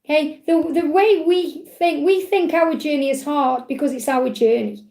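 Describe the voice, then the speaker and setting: Chatty Stoke-accented woman, high voice. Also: fairly even intonation, moderate pace, creaky, darkish tone, reverberant. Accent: Stoke-on-Trent English. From England. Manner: chatty, reassuring, digressive. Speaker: spiritual reader. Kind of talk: live card reading and Q&A.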